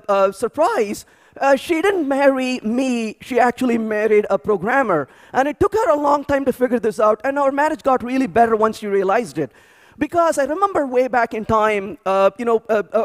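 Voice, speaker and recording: A man speaking at a programming conference, telling animated stories with frequent restarts and repeated words. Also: very high-pitched. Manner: animated storytelling with many restarts. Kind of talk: energetic tech conference talk. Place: large conference hall.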